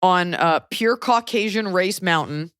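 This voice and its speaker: A woman's voice: lowish voice, fairly bright tone, clear, resonant tone, no echo. Dry-voiced teasing woman host. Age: adult. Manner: wry, teasing, quick asides. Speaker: podcast host. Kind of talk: casual chat.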